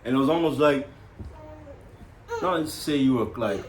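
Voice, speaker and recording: A young man telling the story of his child's birth in a casual chat, animated and laughing, often calling the listener "bro". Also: mid-range voice, moderate pace, roomy sound.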